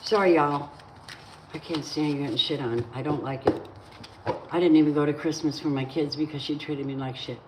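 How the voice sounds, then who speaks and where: A woman's voice: deep voice, fairly even intonation, moderate pace. A middle-aged woman giving a casual tarot reading, blunt and outspoken. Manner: blunt, swearing, flares up into angry venting. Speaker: tarot reader. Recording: echoey room with faint noise.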